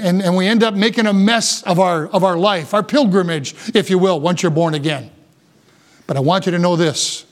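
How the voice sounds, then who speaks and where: A male pastor preaching a sermon emphatically, drawing out key phrases slowly and chuckling now and then. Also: high voice.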